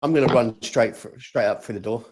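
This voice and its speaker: A man's voice: mid-range voice, brisk, a little mellow. A man playing a tabletop game, eagerly asking questions and restarting his sentences. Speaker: player. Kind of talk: casual tabletop game play.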